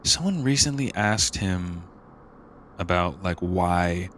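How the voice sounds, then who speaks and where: A man's voice: sits low, expressive, slow pace, fairly bright tone, a little hiss or hum. A young man co-hosting a podcast, talking loosely with lots of fillers and slang in casual chat. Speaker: podcast co-host.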